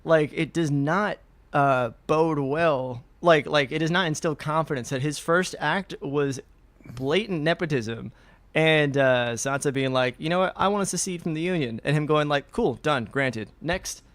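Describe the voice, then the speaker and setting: A man co-hosting a casual podcast chat, rambling and animated, acting out characters in quick asides. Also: on the high side. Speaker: podcast co-host.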